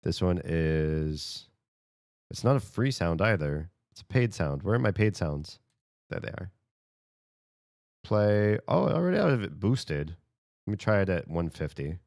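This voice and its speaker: A man's voice: low-pitched, very animated, measured pace, creaky, pauses often, a little mellow, no echo, clean studio sound. A man streaming a rhythm game, chatting casually and thinking aloud between plays, often chuckling. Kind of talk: casual chat while gaming. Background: faint game music.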